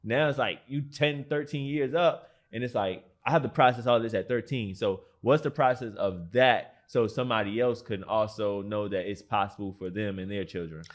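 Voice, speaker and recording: A man hosting a podcast interview, relaxed and slangy, often saying "mm-hmm" to back up his guest. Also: on the low side, normal speed, hardly any pauses. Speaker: podcast host. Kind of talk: casual interview chat.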